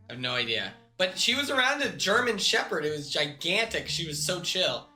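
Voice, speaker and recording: A man's voice: high voice, sharp tone. A young man chatting casually on a live stream, laid-back and slangy, with restarts and laughs.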